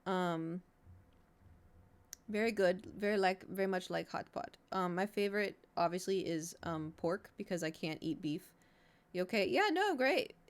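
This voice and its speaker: A woman streamer chatting casually with her viewers, rambling and poking fun at herself. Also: lowish voice. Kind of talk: casual live-stream chat.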